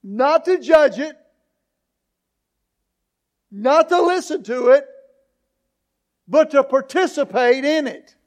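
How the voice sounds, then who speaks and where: Male pastor, very high voice, slow deliberate sermon delivery with emphatic peaks. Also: lively intonation. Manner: preaching, rising to emphatic questions, slow deliberate phrasing.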